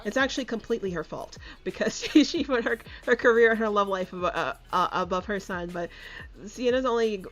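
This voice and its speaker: A young woman casually commentating her life-sim game as she streams, chatty and giggly, voicing her characters' thoughts in quick asides. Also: fairly high pitch, fairly bright tone, faint music behind.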